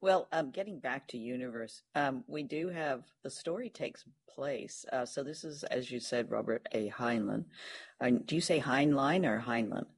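A man's voice: mid-range voice, normal speed, vocal fry, husky. A man co-hosting a podcast, chatting casually and enthusiastically about an old radio drama, with frequent fillers. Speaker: podcast co-host.

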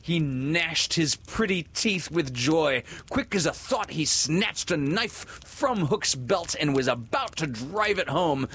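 A man reading a children's story aloud in an expressive, lilting storyteller manner. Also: a little high, slow pace, hardly any pauses, breathy edge. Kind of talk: storybook read-aloud narration.

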